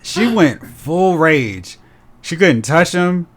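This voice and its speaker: A man hosting a casual podcast chat, talking animatedly and acting out character lines in quick impressions. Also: on the high side, expressive. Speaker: podcast host.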